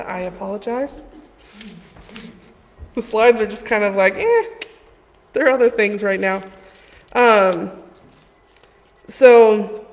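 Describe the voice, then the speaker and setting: A woman giving an informal, conversational sermon in a church, telling the story with quoted voices. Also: medium pitch. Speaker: preacher. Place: church hall. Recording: echoey hall with long reverb.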